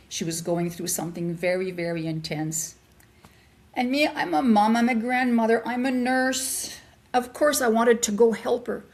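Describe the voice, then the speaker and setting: With a fairly low, creaky voice, an older interview guest recounts something from her own life. She tells it vividly, imitating the voices of those she quotes.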